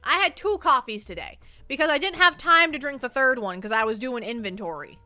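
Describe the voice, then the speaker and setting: A woman streamer talks casually to her chat, circling back and repeating her words as she rambles. Her voice sits a little high and swings up and down a lot. The sound is dry and close, with faint music under it. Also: animated, fairly quick, sharp tone, no room sound. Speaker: livestreamer.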